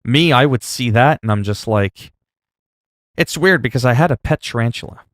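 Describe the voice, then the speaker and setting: A man's voice: medium pitch, lively intonation, normal speed, no room sound, clean studio sound. A man chatting casually on a livestream at home into a desk mic, rambling and self-mocking with lots of fillers.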